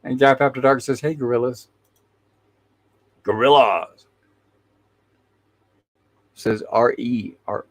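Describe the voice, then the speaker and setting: A man's voice: medium pitch, fairly even intonation, normal speed, hardly any pauses. A man hosting a casual livestream who reads viewer chat messages aloud and greets each viewer by name, often restarting and correcting himself. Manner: hesitant, with frequent restarts and self-corrections. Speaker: livestream host.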